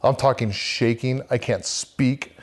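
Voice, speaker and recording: A man's voice: medium pitch, a little slow. A man, guest on a podcast, earnestly telling a vivid personal faith story and talking about leading a men's church group.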